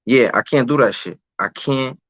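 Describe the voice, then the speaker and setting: A man's voice: mid-range voice, normal speed, a bit bright, breathy edge, no room sound. A man, telling a candid story as a podcast guest in streetwise slang. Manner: streetwise slang, often adds "you know what I'm saying". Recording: dull, dry lo-fi recording.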